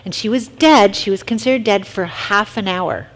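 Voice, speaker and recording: A woman leading a casual youth talk for middle schoolers, telling lively stories and asking the group questions. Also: medium pitch, moderate pace.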